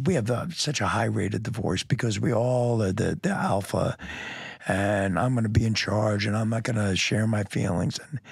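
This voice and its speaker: A man's voice: fairly low pitch, gravelly, husky, dry recording, clean studio sound. A middle-aged man, a police lieutenant guest, telling his story bluntly and emphatically, often saying "man" and "you know". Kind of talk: candid conversational storytelling.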